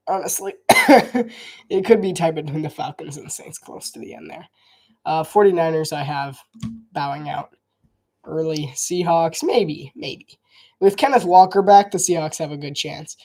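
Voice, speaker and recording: A man with a slightly high, darkish voice gives casual live football play-by-play and opinion chat. He rambles, repeats himself, keeps restarting his sentences, and coughs often.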